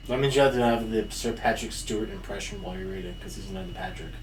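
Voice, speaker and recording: A man chatting on a casual podcast with low-key dry quips. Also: sing-song, fast talker, a crowd in the background. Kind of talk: casual chat. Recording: roomy and distant with noise.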